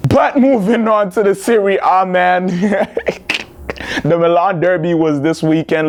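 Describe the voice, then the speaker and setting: Animated slangy football vlogger man. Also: fairly high pitch. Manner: animated, slangy, talks straight to viewers. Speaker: football news host. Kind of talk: casual football news commentary.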